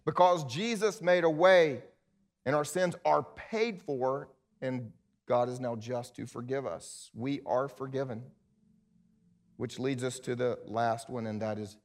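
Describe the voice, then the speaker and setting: Man preaching an animated sermon. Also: mid-range voice. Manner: animated, acts out quoted voices, ends in prayer. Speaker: pastor.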